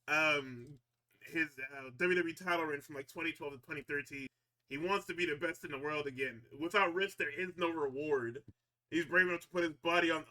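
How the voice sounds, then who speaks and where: A man on a podcast giving a casual, profane wrestling recap. He gets excitable, laughs often and acts out the wrestlers' lines. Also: a little high.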